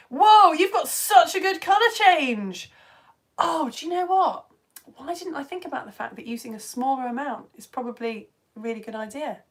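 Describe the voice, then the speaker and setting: A woman from the UK teaching a live online science lesson, chatty and enthusiastic, laughing often as she reads out viewer comments. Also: fairly high pitch. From United Kingdom.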